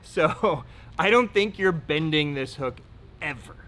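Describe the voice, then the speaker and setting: A man's voice: a little high, animated, takes it slowly, pushed and bright. A man hosting a casual product rundown indoors, upbeat and joking, swearing casually now and then. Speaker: host. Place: indoor room.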